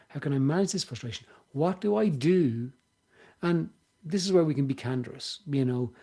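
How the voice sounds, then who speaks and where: A man with an Irish accent, hosting a podcast, explaining ideas in a casual, animated way and acting out what people say. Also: on the high side, gravelly, husky. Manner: animated, acts out quoted voices. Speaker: podcast host.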